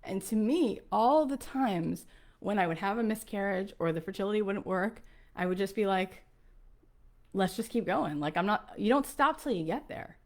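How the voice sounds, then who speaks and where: A woman in her forties, a podcast host, telling a personal story to her listeners in an earnest, animated way with many fillers. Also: mid-range voice, moderate pace. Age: 40s.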